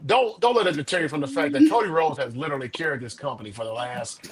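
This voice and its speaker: A man's voice: fairly high pitch, quick pace, a loud crowd. A man co-hosting a wrestling podcast, teasing the others in a mock announcer delivery. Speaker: podcast co-host.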